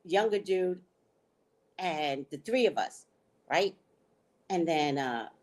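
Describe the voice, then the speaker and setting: A woman hosting a casual chat, telling a story at an unhurried pace. Her pitch swoops widely as she laughs and checks in with "right?", and her talk is frank and salty. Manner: animated, laughing, keeps checking in with 'right?'. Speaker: host.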